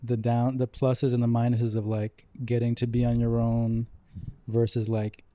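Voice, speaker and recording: A man's voice: mid-range voice, completely flat delivery, moderate pace, warm tone, no echo. A man from New York who works as a film editor, a podcast guest in a living room, easygoing and rambling. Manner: easygoing, many "like" fillers. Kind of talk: casual chat.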